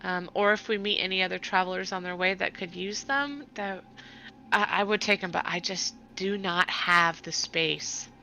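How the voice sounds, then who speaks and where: A woman speaking as a player in a live tabletop game, chatty and quick to laugh. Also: on the low side, gravelly, pushed and bright, a little hiss or hum, rough recording. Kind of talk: casual tabletop play.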